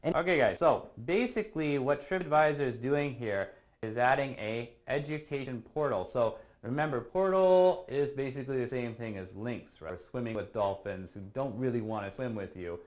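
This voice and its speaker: A man talks at a middle pitch, teaching English online in a relaxed, conversational way. He explains words patiently and keeps checking that the class follows with a short question. The sound has the feel of a video call. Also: normal speed. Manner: explains patiently, ends points with a tag question. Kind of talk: casual online language lesson.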